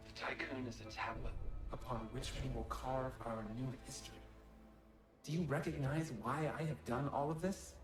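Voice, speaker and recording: A man voicing a grandiose, self-important ship founder in a game cutscene, speaking in a solemn, measured way. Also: mid-range voice, steady tone, lightly acted. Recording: echoey with loud music behind.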